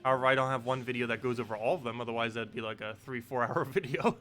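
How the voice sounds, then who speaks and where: A man's voice: mid-range voice, fast talker, fairly bright tone, soft background music. A man casually chatting with his live-stream chat, laid-back and joking about how he says words. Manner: laid-back, chatty, answers chat, laughs at own pronunciation.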